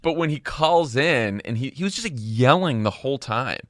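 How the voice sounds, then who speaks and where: A man's voice: medium pitch, animated, moderate pace, no echo, studio quality. A man co-hosting a casual political podcast, sardonic and often laughing. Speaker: co-host.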